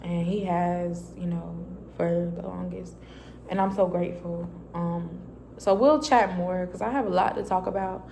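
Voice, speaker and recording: A woman's voice: on the low side, fairly even intonation, measured pace, vocal fry, mellow, slight background noise. A woman vlogger telling a personal faith testimony in a casual, chatty way, acting out her own dialogue as she goes. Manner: casual, loose and chatty with many fillers. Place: a quiet private space.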